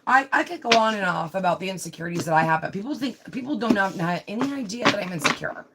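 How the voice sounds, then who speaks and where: A woman's voice: medium pitch, lively intonation, quick pace, background noise. A woman giving a live tarot reading, chatty and confiding, often checking in with "right?" and "you know". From Italian heritage. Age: adult with a child. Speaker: tarot reader.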